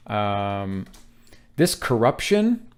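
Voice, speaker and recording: A man's voice: lowish voice, big pitch swings, drawn-out words, clear, resonant tone. Rambling, jokey man explaining tech. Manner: rambling, jokey, with sound effects and asides. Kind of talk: casual whiteboard tutorial.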